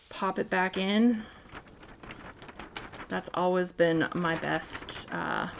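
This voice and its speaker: A woman's voice: fairly low pitch, vocal fry, background noise. A woman hosting a scrapbooking livestream. She chats casually and thinks aloud as she demonstrates a craft, and she talks to her viewers by name. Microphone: desk microphone.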